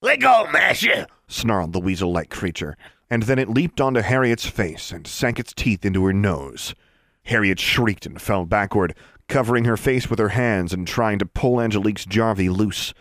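A man narrating a fantasy story in a steady, even storytelling manner. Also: on the low side, moderate pace, dry recording, studio quality. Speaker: audiobook narrator.

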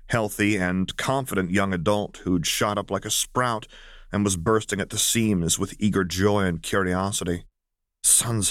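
A man reading a fan fiction audiobook in a measured storytelling manner. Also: deep voice, clean tone, no room sound, clean studio sound. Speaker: audiobook narrator.

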